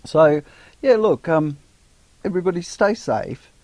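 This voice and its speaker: A man's voice: on the high side, very animated, unhurried, a little mellow, no echo. A man, co-hosting a casual weekly chat and joking about himself. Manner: jokey, self-mocking, chatty. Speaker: co-host of a weekly online chat show.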